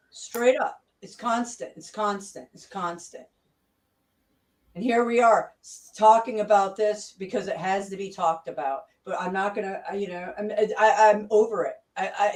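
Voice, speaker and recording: A woman's voice: medium pitch, darkish tone, recorded from a distance, poor audio. A woman hosting a livestream discussion who talks in a heated, profane, confrontational way. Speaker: channel host.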